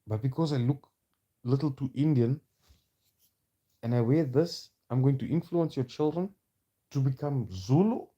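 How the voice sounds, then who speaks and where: A man speaks in a confrontational vlog rant, his voice warm and dark. He presses his listeners with one challenging rhetorical question after another. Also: mid-range voice, a little slow, pauses often, lo-fi sound. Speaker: vlogger.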